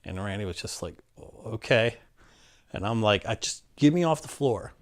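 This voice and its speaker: Low-voiced man telling his story. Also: expressive, normal speed. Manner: candid, plainspoken, acts out quotes. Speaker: interviewee. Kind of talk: personal storytelling in an interview.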